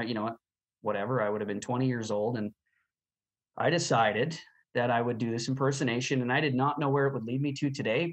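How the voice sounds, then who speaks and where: A man in his thirties from Canada, a rodeo announcer telling his story as a guest in a casual interview, chatty and animated with easy laughs. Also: mid-range voice.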